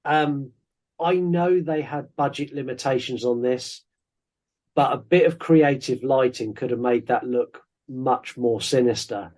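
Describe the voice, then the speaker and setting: A man's voice: mid-range voice, a little slow, a little mellow. A man co-hosting a podcast, chatting casually and jokingly as he reviews a horror film. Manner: rambling, jokey, self-interrupting. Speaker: podcast co-host.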